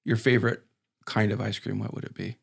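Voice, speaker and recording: A man's voice: fairly low pitch, little pitch movement, brisk, vocal fry, breathy edge. A man hosting a casual church podcast chat, rambling and restarting his sentences in a playful way. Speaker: podcast host.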